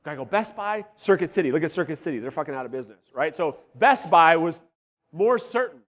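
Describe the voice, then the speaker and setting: A man coaching real estate agents at a live workshop, energetic and blunt, swearing and quizzing the audience, his voice wearing out. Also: a little high, quick pace. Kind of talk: live workshop teaching to a room. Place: large room with live audience. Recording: long hall reverb.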